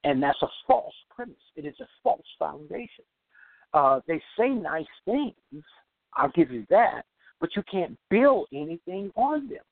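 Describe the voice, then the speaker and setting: A man hosting a motivational podcast, speaking emphatically and repeating key phrases slowly so listeners can take notes. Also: high voice, big pitch swings, vocal fry, no room sound. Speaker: podcast host and self-improvement speaker. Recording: tinny phone-like recording.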